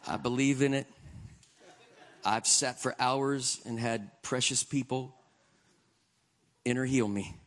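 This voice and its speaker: A man preaching a sermon in an earnest, conversational way, shifting between quiet reflection and emphatic stretches. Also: medium pitch, steady tone, slow, long pauses, slight background noise.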